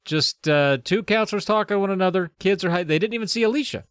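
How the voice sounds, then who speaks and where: A man's voice: sits high, fast talker, a bit bright, smooth, dry recording, studio quality. A man hosting a podcast, recapping a book chapter in a joking, rambling way with asides. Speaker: podcast host. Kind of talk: casual comedic book recap.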